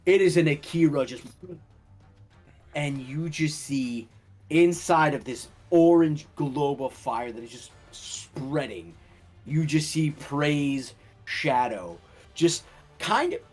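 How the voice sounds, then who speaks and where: A young man running a tabletop game as dungeon master, telling the scene in an animated way and laughing often. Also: on the high side, faint music behind. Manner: slow, animated storytelling with laughter.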